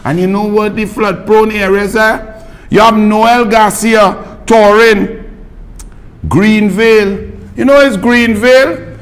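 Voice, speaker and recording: A Trinidadian man hosting live political commentary with a scornful, heated, insulting delivery. His voice sits high for a man. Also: fairly even intonation, unhurried, in a large hall.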